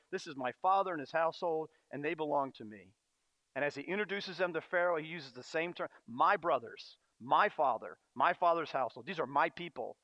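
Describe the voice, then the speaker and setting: A man preaching a sermon as a pastor, earnest and storytelling, often pausing on fillers. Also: fairly high pitch, fairly bright tone, no room sound. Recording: dry, dull lo-fi sound.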